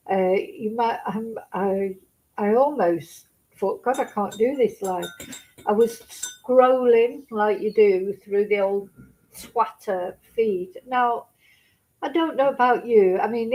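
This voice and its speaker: A middle-aged woman, a true crime streamer, chats casually on a live stream while tearful and upset, swearing and laughing nervously between sentences. Her voice is mid-range and a little mellow, and the recording quality is low.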